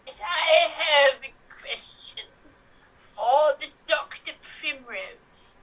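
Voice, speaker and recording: A woman's voice: sits high, very slow, a bit bright, exaggerated voice. A woman voicing a frail, rambling 85-year-old grandmother in live improv comedy, heard from a distance. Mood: cheeky. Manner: doddery, rambling, cheeky.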